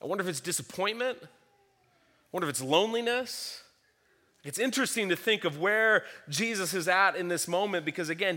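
A man's voice: high voice, lively intonation, brisk, bright, forceful tone. A man preaching a sermon, earnestly teaching through a scripture passage and reading verses aloud. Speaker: pastor.

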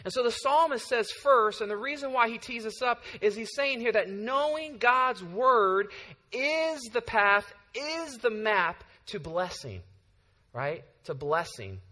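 Bright high-voiced preacher in a hall. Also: male voice, sing-song, measured pace. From San Francisco Bay Area. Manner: conversational storytelling, frequent "right?" asides. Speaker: pastor. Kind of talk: sermon.

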